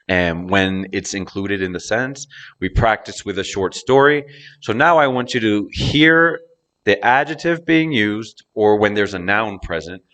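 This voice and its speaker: A man teaching pronunciation, reading a children's story aloud with deliberate emphasis on each stressed word. His voice sits fairly low. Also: fairly bright tone. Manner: reads slowly with marked word stress.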